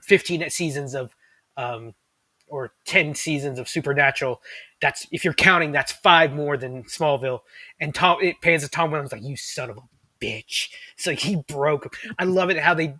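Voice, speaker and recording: Male podcast host, bright forceful voice, dry close mic, rambly and excited. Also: a little high, no echo. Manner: rambling, enthusiastic, many fillers and restarts. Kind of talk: casual chat.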